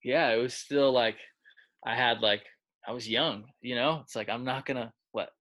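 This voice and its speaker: Speaking at a normal pace in a mid-range, slightly bright voice, a man who coaches quarterbacks chats loosely through stories in a relaxed interview. He leans heavily on filler words and performs the lines he quotes.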